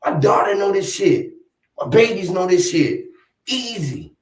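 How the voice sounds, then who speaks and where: High-voiced man ranting boastfully, roomy. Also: very animated, measured pace, recorded from a distance. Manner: boastful, profane, rambling and emphatic. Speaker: vlogger. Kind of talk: casual rant to camera. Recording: roomy echo, off-mic.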